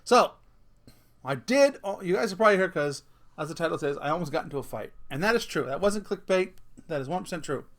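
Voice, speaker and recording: A man's voice: a little high, expressive, fast talker. A middle-aged man vlogging a casual rant, telling a story with swearing and laughing at himself.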